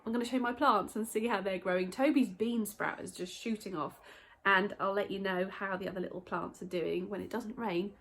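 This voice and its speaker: A woman chats easily to her viewers as she films herself on a handheld camera. Her voice sits in an ordinary middle pitch, and her talk is relaxed and homely as she moves through the house and out to the greenhouse. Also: slight background noise. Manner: chatty, talks straight to viewers. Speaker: vlogger. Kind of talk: casual vlog chat. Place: home and garden greenhouse.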